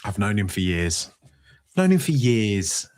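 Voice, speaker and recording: A man of about forty talks into a studio microphone as a lone podcast host, working through viewer comments. His voice sits a little low, and he rambles and restarts as his emotions lead him. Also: big pitch swings, a little slow, a little mellow, a little hiss or hum. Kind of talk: solo live-stream chat reading and venting.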